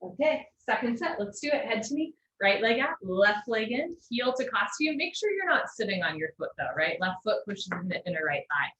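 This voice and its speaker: A woman teaching a live online yoga class, giving steady posture cues with gentle encouraging asides. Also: on the high side, moderate pace, few pauses. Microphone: video call. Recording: echoey lo-fi video call audio.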